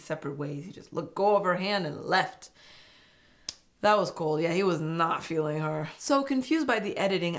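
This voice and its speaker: A woman casually recapping a reality dating show, chatty and animated with sarcastic asides. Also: lowish voice. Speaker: host.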